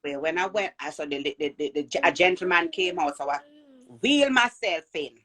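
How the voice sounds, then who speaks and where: A woman with a Jamaican accent telling a personal birth story in an animated way, acting out the voices of people she quotes. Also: low-pitched, normal speed. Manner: animated, acts out quoted voices, repeats and restarts.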